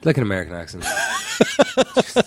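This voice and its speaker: A man's voice: on the low side, huge pitch swings, normal speed, a little hiss or hum. A man in his forties with an Irish accent, chatting as a podcast guest in a rambling, self-deprecating way. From Ireland. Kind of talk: casual interview chat.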